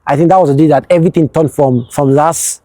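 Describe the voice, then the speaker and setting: A young man with a fairly high yet mellow, dark voice, talking in a halting way and repeating words as he thinks. The recording is dry and close. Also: dry recording. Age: young adult. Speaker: platoon executive, interviewee. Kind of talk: casual storytelling.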